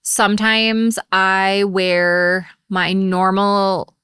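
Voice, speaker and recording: A woman's voice: mid-range voice, level tone, very slow, a bit bright, clean tone, no echo, clean studio sound. A woman co-hosting a podcast about home daycare, talking casually and often trailing off mid-sentence. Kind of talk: casual chat.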